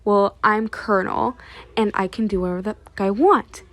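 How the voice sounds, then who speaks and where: A woman's voice: medium pitch, normal speed, a bit bright, natural voice. A woman voicing a brash, menacing female colonel who talks in a drawling, taunting way.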